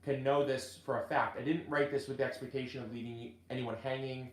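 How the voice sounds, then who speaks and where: A man hosting a casual gardening video, chatting in a halting way with many restarts. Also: medium pitch, flat delivery, roomy sound. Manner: chatty, halting restarts, gets choked up reading. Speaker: gardening channel host and author. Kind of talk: casual live video chat.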